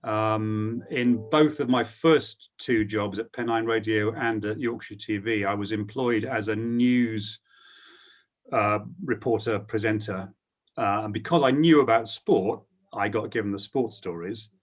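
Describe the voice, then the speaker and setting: A man's voice: on the low side, unhurried. A middle-aged man, a sports broadcaster on a panel, telling his career story with plenty of ums. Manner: storytelling, hesitant with frequent ums. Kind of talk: anecdotal panel talk.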